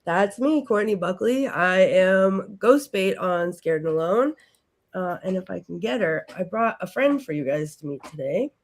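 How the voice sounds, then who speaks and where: A woman's voice: fairly low pitch, lively intonation, measured pace. A woman guest chatting casually and playfully on a podcast panel. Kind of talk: casual chat.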